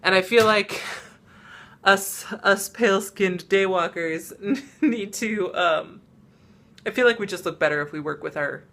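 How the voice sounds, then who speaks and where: A woman's voice: mid-range voice, a little slow, creaky, a bit bright. A young woman vlogging about her makeup in a casual, rambling chat full of fillers, showing products as she talks. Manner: chatty and rambling, lots of "um" and "like", laughs often; demonstrates products while talking.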